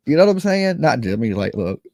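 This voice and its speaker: A man's voice: medium pitch, sing-song, brisk, mellow, no room sound, clean studio sound. A man, just woken up, ranting casually as a livestream host, rambling and repeating "okay" and "you know what I'm saying".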